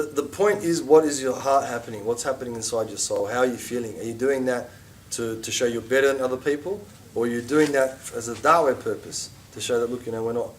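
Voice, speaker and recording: A middle-aged man teaching an informal religious class, chatty and animated, with asides and mock quotes. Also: medium pitch, recorded from a distance, a little hiss or hum.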